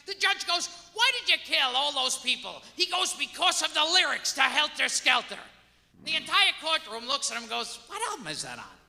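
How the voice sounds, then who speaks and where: Man, stand-up comedy, shouting delivery, wildly swinging pitch, noisy hall recording. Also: expressive, moderate pace, creaky. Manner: loud, shouting delivery with sudden bursts. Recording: archive stand-up clip, echoey hall, background noise.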